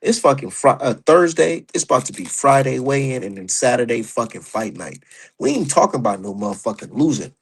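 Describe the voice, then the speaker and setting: A man's voice: mid-range voice, big pitch swings, brisk, husky. A man ranting about boxing on his stream, heated, profane and mocking. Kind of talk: opinionated casual rant.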